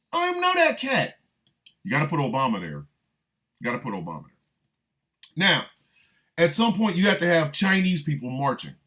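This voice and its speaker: A man's voice: a little high, sharp tone. A man delivering a comic monologue, riffing with repeated lines and mock-incredulous asides. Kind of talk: comedic monologue.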